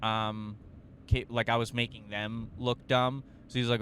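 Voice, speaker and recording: A young podcast host tells a story in a profane, self-deprecating ramble full of fillers and restarts. His mid-range voice is a bit slow and bright with little pitch movement, and there's slight background noise.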